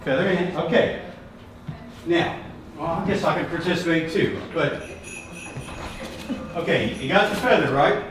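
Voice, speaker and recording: A man's voice: a little high, measured pace, pauses often. A man leading a group drum workshop, asking the participants questions and praising them over and over. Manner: encouraging, asks the group questions, repeats praise. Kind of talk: hands-on group music lesson. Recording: echoey room from far off, background noise.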